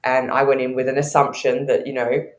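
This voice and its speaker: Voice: medium pitch, level tone, a little fast, echoey room. A podcast guest who teaches intuition, telling candid stories with frequent laughter in a conversational way.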